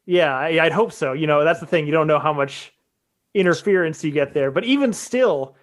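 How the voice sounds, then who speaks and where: A man's voice: fairly high pitch, moderate pace. A man co-hosting a podcast, thinking aloud casually with hedges and restarts. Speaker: podcast co-host. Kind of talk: casual chat.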